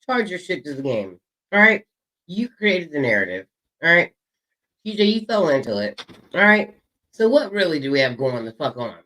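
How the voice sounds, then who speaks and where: A man's voice: on the high side, very animated, brisk, fairly bright tone, rough recording. Profane taunting male drama host. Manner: profane taunting, stretching words for emphasis. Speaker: show host. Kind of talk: heated drama commentary.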